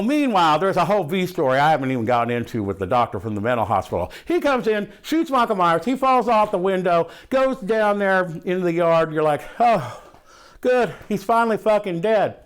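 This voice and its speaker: A man's voice: sits high, clean tone. A man playing a brash, foul-mouthed movie buff in a comic monologue, rambling and loose, full of swearing and "ain't". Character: brash foul-mouthed man gushing about horror films.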